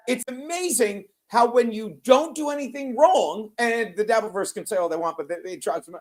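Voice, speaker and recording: A man's voice: very high voice, lively intonation, normal speed, hardly any pauses. Male livestream host, heated ranter who swears, keeps apologizing for interrupting. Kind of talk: casual chat.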